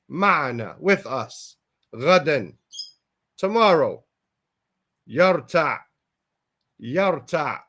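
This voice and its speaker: Male Quran Arabic teacher, slightly high voice, slow and methodical, says each word, then glosses it. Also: fairly bright tone. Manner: thinks aloud, tentative asides. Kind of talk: word-by-word Quran translation lesson.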